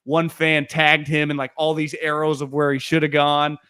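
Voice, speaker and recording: A man hosting a sports talk show, speaking a little higher than most men. He tells animated stories full of quick asides. His voice sounds dry and close to the mic. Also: clean tone, dry recording. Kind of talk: casual sports talk chat.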